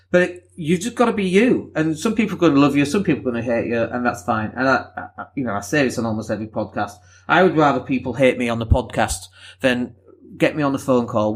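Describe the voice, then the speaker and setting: A man from Leeds with a softened Northern English accent, rambling candidly through a solo podcast with the odd swear. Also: mid-range voice. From Leeds, England. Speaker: podcast host.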